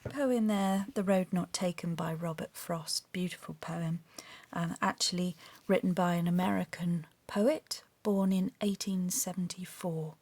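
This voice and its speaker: A middle-aged woman with a Surrey and Sussex English accent, talking softly and often half-whispering as she narrates a craft journal video and reads aloud. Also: on the low side, fairly even intonation, unhurried, hardly any pauses. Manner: soft-spoken, often drifting into a half-whisper. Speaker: craft vlogger.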